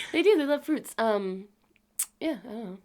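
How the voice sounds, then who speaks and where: A woman's voice: on the high side, lively intonation, moderate pace, a little mellow. A young woman co-hosting a podcast, chatting casually, giggling often and swearing offhandedly. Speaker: podcast co-host. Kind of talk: casual chat.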